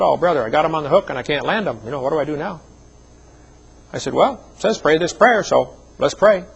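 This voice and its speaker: A man's voice: on the high side, breathy edge, rough recording. A middle-aged man preaching a seminar sermon, telling personal stories in a folksy way with joking asides. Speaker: evangelist speaker.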